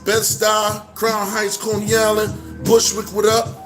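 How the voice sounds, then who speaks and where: A man with a Brooklyn accent talking casually to camera, animated, full of street slang and repeated shout-outs. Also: high-pitched, a little slow, faint music behind. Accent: New York, Brooklyn. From Brooklyn, New York. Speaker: vlogger. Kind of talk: casual direct-to-camera monologue.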